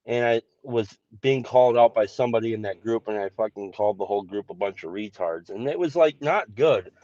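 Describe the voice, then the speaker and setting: A man's voice: fairly low pitch, a little fast, dark tone, dry recording. Blunt, profane man telling a story. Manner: blunt, profane, self-deprecating. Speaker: group call participant. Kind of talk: casual confessional storytelling. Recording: dull dry call audio.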